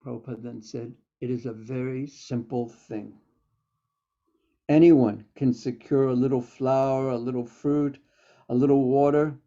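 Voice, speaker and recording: A man's voice: medium pitch, fairly even intonation, a little slow, dark tone. A man teaching a class on scripture, telling stories and quoting verses with occasional fillers. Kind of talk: scripture lecture. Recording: dull, lo-fi lecture recording.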